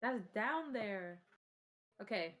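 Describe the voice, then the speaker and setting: A woman's voice: mid-range voice, expressive, slow, fairly bright tone. A British woman co-hosting a podcast, chatting casually and reading out a ranked list with giggles. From Britain. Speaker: podcast co-host. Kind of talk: casual chat.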